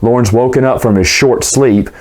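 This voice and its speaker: A man talking through a book he just reread, in a loose and rambling way. He restarts sentences often and hedges as he goes. His pitch sits in an ordinary middle range for a man. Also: normal speed, a little mellow. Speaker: book reviewer. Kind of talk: casual book recap vlog.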